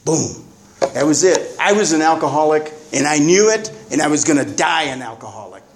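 Blunt, rambling man with a higher voice. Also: lively intonation, normal speed. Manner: rambling, blunt storytelling with profanity. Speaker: recovering alcoholic sharing at a meeting. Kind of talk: candid personal testimony.

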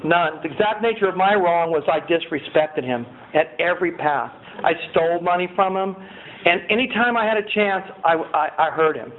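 High-voiced man telling his story, tinny. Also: moderate pace. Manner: animated storyteller, swings from loud and excited to quiet and earnest. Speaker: speaker sharing his recovery story. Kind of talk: personal testimony at a recovery meeting. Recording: tinny lo-fi recording with faint hiss.

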